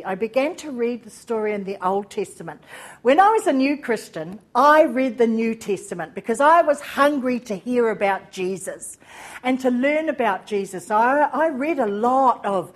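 An older woman with a slightly high voice tells a church testimony to a gathering of women. She speaks as a storyteller and acts out both sides of conversations. She turns fervent when she praises God. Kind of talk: personal testimony sermon.

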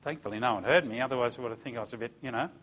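A man's voice: mid-range voice, racing. Man preaching a personal testimony. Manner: storytelling, swinging from hushed to shouting. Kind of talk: sermon testimony.

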